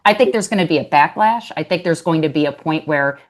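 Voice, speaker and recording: A woman speaking on a panel discussion in a measured, reflective way. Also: low-pitched. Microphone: webinar call.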